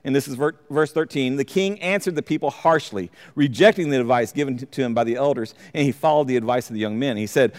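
A man's voice: mid-range voice, quick pace, few pauses. A man teaching a verse-by-verse Bible study, reading scripture aloud and commenting on it. He often stumbles and repeats words. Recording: long hall reverb.

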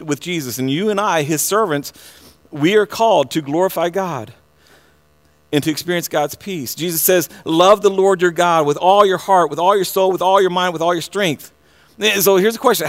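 A man preaching a sermon, earnest, often repeating words and restarting, then building to loud excited passages. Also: a little high. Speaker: pastor.

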